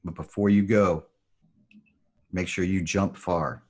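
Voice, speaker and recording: A man acting out a hard, commanding gunnery sergeant who yells his orders. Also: sits low, fairly even intonation, takes it slowly. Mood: barking. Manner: yelling, commanding.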